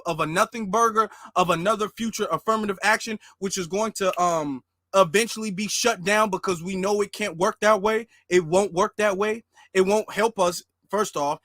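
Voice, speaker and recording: Man, emphatic fiery monologue, high pitched, bright tense tone. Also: no room sound, studio quality. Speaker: political commentary host. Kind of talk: casual monologue commentary.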